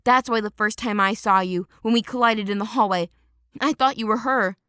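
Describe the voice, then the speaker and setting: A woman's voice: a little high, normal speed, a bit bright, clean tone, no room sound, clean studio sound, natural voice. A woman voicing a protective young male shifter in an audiobook, speaking curtly and urgently. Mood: bitter. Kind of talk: audiobook character reading.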